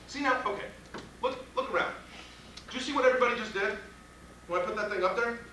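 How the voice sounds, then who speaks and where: A man's voice: high-pitched, quick pace, sharp tone, a little hiss or hum. A man teaching trial lawyers in a live workshop, blunt and profane, firing off rhetorical questions. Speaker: criminal defense trial instructor. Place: training room with audience. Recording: echoey room from a distance.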